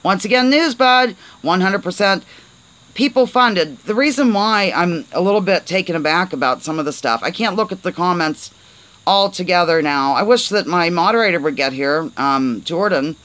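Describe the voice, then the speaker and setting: A chatty woman hosting a casual live stream, with a playful, rambling way of talking and a bright, sharp tone. She reads aloud in fits and starts and cheerfully trips over words as she goes. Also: fairly low pitch, expressive, moderate pace, low-quality recording. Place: on a porch, outdoors.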